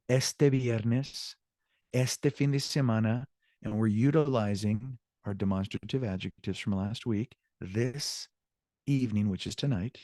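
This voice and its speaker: A man teaching an evening language class, explaining grammar slowly and repeating each example. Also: on the low side, a little mellow, dry recording. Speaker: Spanish teacher. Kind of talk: online class lecture.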